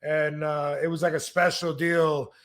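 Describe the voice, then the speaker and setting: A middle-aged man from Michigan hosts a casual podcast chat. He rambles through a story with plenty of fillers and false starts. His voice sits slightly high for a man. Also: flat delivery, measured pace, a bit bright. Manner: rambling with many fillers and restarts. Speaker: podcast host, wrestler.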